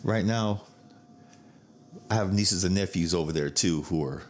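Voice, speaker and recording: Deep-voiced blunt man on a podcast. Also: unhurried. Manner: blunt, profane, laughs while telling stories. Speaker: podcast host. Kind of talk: casual chat.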